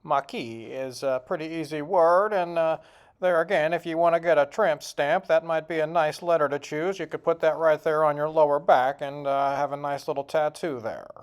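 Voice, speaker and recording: A man talks in a relaxed, folksy way, cracking jokes as he chats to the camera. His tone is casual and unpolished, the way a hobby vlogger sounds when testing his own pronunciation. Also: a little high, normal speed, clear, resonant tone. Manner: joking, folksy, tries out foreign words. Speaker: video host. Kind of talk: casual vlog commentary.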